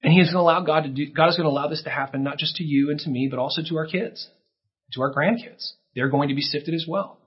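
A man's voice: fairly high pitch, fast, husky, highs cut off. A man preaching a sermon in an earnest way, his voice rising for emphasis, with a few restarts. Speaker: pastor.

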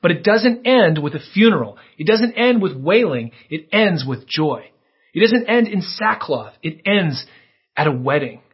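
A man preaching a sermon, earnest and dramatic, with his voice leaping up and then dropping to a hush as he tells a story. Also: sits high, big pitch swings, unhurried, breathy edge. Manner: earnest, dramatic storytelling with sudden rises and hushed drops. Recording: dull lo-fi sound.

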